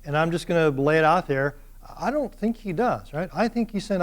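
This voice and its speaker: A man with a high speaking voice lectures a university class. He is animated and keeps drawing the students in with questions. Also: normal speed.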